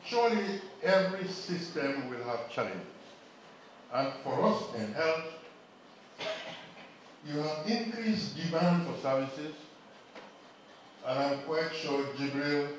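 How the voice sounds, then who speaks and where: A man's voice: a little high, a little hiss or hum. A man from Gambia giving an emphatic public health lecture at a symposium, putting questions to the audience. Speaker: symposium speaker. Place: conference hall. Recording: very echoey hall.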